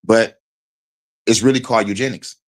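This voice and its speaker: A man's voice: on the low side, steady tone, moderate pace. A man hosting a stream, reacting to a video with heated, profane, rambling commentary.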